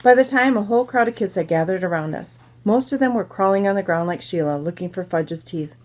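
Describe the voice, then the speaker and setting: A woman's voice: mid-range voice, lively intonation, brisk, a little mellow. A woman reading a children's novel aloud, telling it in plain first-person storytelling. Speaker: reader.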